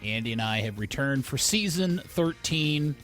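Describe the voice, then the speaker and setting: A man's voice: mid-range voice, lively intonation, normal speed, fairly bright tone, faint music behind. A man co-hosting a casual podcast chat, rambling and correcting himself, laughing often. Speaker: podcast co-host.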